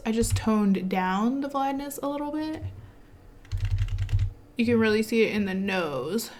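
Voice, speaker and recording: A woman hosting her own gaming channel, chatting casually over gameplay in an excitable way and laughing often. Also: medium pitch.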